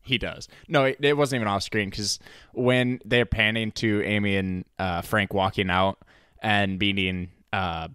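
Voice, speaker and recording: A man's voice: on the low side, fairly even intonation, unhurried, fairly bright tone, smooth, dry recording, studio quality. A young man co-hosting a casual podcast, laid-back and peppering his talk with "bro" and "dude". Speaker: podcast co-host. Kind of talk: casual review chat.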